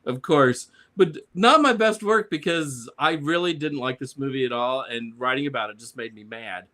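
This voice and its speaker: A man's voice: medium pitch, moderate pace, sharp tone. Sarcastic man reading a comic rant. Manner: sarcastic, grumbling. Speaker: panelist. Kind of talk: reading a prepared comic review.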